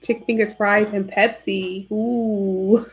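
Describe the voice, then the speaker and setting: A woman hosting a live stream, greeting her viewers by name in a casual, chatty way. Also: mid-range voice. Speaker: livestream host.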